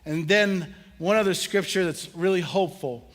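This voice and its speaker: Middle-aged male pastor, high tenor, relaxed storytelling sermon with humor. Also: normal speed. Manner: casual, humorous storytelling with audience questions. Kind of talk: conversational sermon.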